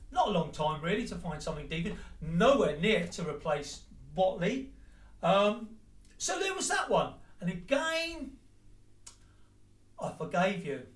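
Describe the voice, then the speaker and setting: A man's voice: sits high, a bit bright, recorded from a distance. A man in an angry, sweary rant, speaking straight to his ex. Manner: heated, sweary, addresses his ex directly. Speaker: vlogger. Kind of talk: angry personal rant to the camera. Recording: echoey room, voice away from the mic.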